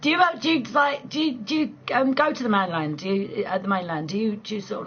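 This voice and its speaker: A woman in her forties chatting casually at night, quick to laugh and free with swear words. She rambles and restarts her sentences, and her voice comes through dull, lo-fi stream audio with a faint hiss of noise underneath. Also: mid-range voice, lively intonation. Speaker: live stream host chatting with viewers. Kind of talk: casual late-night chat.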